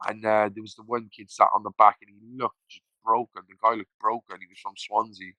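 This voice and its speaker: A Welsh man from Cardiff tells his story as a podcast guest, rambling and casual, with plenty of swearing and fillers. His voice is bright and forceful, recorded very dry and close. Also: on the low side, little pitch movement, fairly quick, dry recording, rough recording. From Cardiff, Wales.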